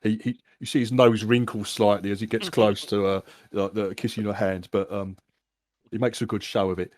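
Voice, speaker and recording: A man's voice: fairly low pitch, flat delivery, normal speed, darkish tone, no room sound. A man narrating as game master, stumbling and repeating words as he describes scenes. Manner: stammering, repeats words often.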